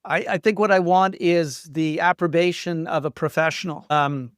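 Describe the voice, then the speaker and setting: A middle-aged man from Canada telling stories as an interview guest, self-deprecating and lively when quoting others. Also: a little high, normal speed, clear, resonant tone, no echo, clean studio sound. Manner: self-deprecating, animated retelling of quotes. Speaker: guest screenwriter. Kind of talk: casual interview storytelling.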